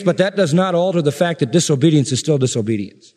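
A man preaching a sermon. He builds with pointed rising questions and drops low for quieter asides. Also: expressive, fast, hardly any pauses. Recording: echoey hall reverb.

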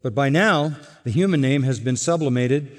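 A man preaching an expository sermon, earnest and emphatic, slowing to stress key words. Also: mid-range voice. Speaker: pastor. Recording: long hall reverb.

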